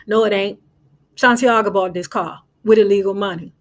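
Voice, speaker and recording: A woman voicing a male federal agent who flatly dismisses a protest. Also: medium pitch, moderate pace, lightly acted. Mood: curt.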